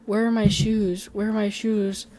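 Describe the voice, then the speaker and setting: Eerie ghost child, small girl, dead-flat repeating monotone, voiced by a woman narrator. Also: medium pitch, a little slow, natural voice. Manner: monotonous, almost like a recording.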